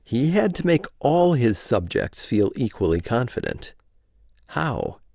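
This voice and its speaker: A man reading a vintage novel aloud in a measured, expressive way. His voice is gravelly with a lively, rising and falling melody, and he takes his time. The recording is dry and close to the mic. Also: mid-range voice, no room sound. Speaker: reader. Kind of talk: informal audiobook narration.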